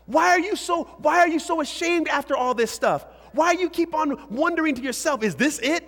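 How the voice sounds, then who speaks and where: A man preaching a lively sermon to young people as a youth pastor, swinging between shouts and hushed asides. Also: very high-pitched, a little fast, hardly any pauses. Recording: hall reverb.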